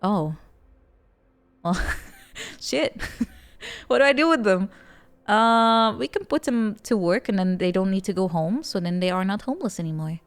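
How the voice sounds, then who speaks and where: A woman's voice: medium pitch, expressive, unhurried, long pauses. A woman streaming a survival game, chatting casually with frequent laughs and rambling asides. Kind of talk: casual gameplay chat. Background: game music.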